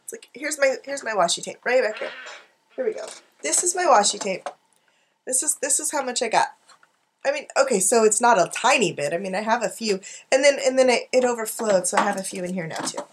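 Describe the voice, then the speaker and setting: This art journaling vlogger, a middle-aged woman, chats animatedly and a little quickly in a slightly high voice, with faint background noise. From her home craft desk she rambles to the camera, giggling and poking fun at herself.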